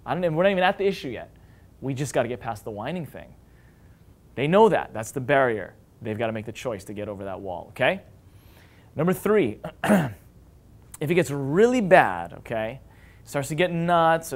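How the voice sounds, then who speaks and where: A man in his thirties, a father and parenting vlogger, talking casually to camera and now and then mimicking his whiny kids in a high voice. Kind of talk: casual advice talk to camera.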